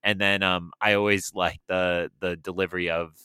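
A man's voice: little pitch movement, normal speed, sharp tone, clear, resonant tone, no room sound. A man co-hosting a casual film review podcast, rambling enthusiastically about a favorite scene. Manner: rambling, enthusiastic, jumps up in pitch. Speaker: podcast co-host.

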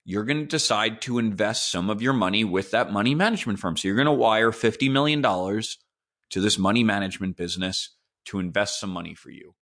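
A man voicing a smooth, scheming male financier who talks in a calm, confiding way. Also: fairly low pitch, a little fast. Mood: reassuring.

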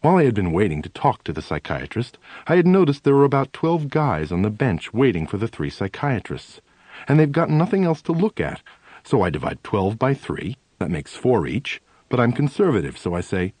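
Animated male audiobook narrator. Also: sits low, moderate pace, no room sound. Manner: animated storytelling with shifting emphasis. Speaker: audiobook reader. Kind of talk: first-person memoir narration.

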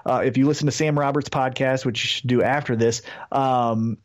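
A man's voice: mid-range voice, steady tone, normal speed. A man co-hosting a wrestling podcast, ranting animatedly with plenty of swearing in casual chat. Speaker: podcast co-host.

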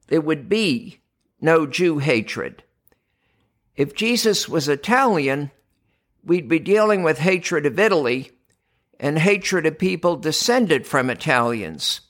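Slow, emphatic older American male preacher. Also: on the high side, fairly bright tone. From United States. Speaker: podcast host, doctor. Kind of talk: scripted religious podcast talk.

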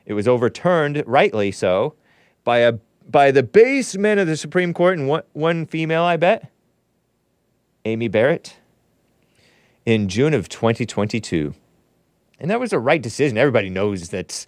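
A man's voice: medium pitch, very animated, normal speed, long pauses, no room sound, studio quality. A man hosting his own commentary show, reading news aloud and scoffing at it with sarcastic asides. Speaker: host. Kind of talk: opinionated commentary show monologue.

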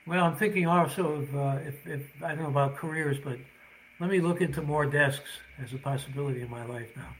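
A man who is a guest on a radio show, telling jokes in an animated, hesitant way with many fillers. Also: on the high side, fairly quick, a little hiss or hum, poor audio.

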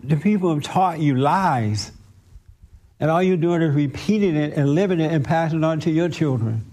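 Guy giving spiritual counsel, kinda high voice, keeps hammering his point, insistent. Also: a little mellow. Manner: emphatic, insistent, repetitive. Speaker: spiritual teacher.

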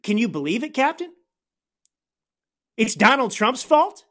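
A man hosts a political commentary podcast in a heated, ranting delivery. His pitch swings widely as he talks. His tone stays indignant and fired up. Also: very animated, a little slow, fairly bright tone. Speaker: podcast host.

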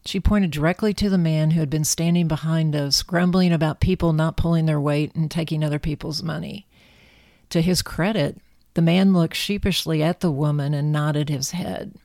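Female storyteller, low voice, calm measured reading, dry close mic. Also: no echo. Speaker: narrator. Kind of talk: storybook narration.

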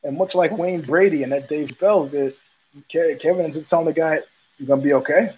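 Husky guy ranting on his own live show, a bit high-pitched, keeps repeating himself. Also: fairly quick, highs cut off. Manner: blunt, profane storytelling with repeated phrases. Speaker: podcast host. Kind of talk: casual monologue.

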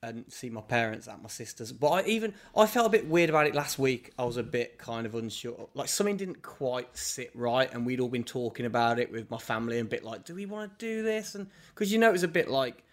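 A man co-hosting a podcast, chatting casually and telling stories in an animated, laughing way. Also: mid-range voice, fast talker, few pauses. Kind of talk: casual chat, storytelling.

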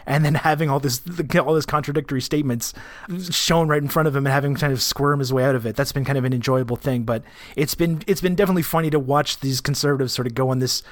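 A man's voice: medium pitch, fairly even intonation, fast, no echo. A man co-hosting a podcast, talking casually in a wry, rambling way with many restarts. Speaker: podcast co-host.

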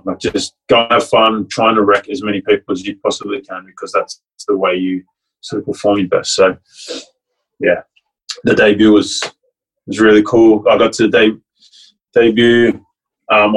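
A man's voice: on the low side, fairly bright tone, breathy edge, low-quality recording. A young man, a rugby league player and coach, telling a heartfelt, rambling story in casual chat. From Fiji. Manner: rambling and heartfelt, many restarts and "like".

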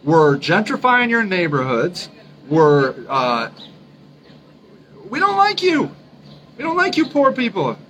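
A smug, sneering middle-class man, as a podcast host puts him on, pitched well above the speaker's usual voice. He taunts with open sarcasm, and his tone is one of exaggerated disdain. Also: wildly swooping pitch, slow pace, long pauses, fairly bright tone, slight background noise, full character voice, rough recording. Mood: sarcastic.

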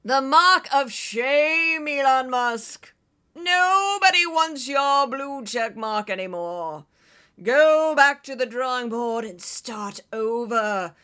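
A woman putting on a brash mock accent to scold a tech mogul, talking slowly and loudly. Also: mid-range voice, expressive. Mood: scornful scolding. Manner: slow, loud, drawn-out put-on accent.

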